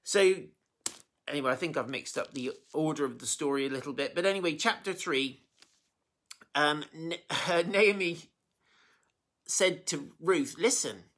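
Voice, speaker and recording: Bright, chatty preacher retelling scripture. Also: mid-range voice, measured pace, pauses often. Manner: chatty and animated, full of fillers and self-corrections; emotionally moved by the story. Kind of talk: informal sermon retelling a Bible story.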